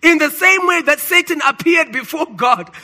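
A man preaching a sermon, emphatic and swinging between loud declarations and quiet asides. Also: extremely high pitch, animated, normal speed, soft background music.

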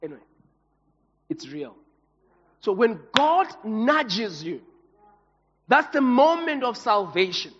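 A man's voice: high-pitched, sing-song, slow, pauses often, fairly bright tone, husky. A pastor preaching an emotional, passionate sermon to his congregation. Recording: reverberant hall, dull lo-fi sound.

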